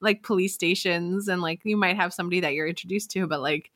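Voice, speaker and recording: Young woman co-host, expressive and laughing, bright sound, dry mic. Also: on the low side, quick pace, dry recording. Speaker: podcast co-host. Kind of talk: casual chat.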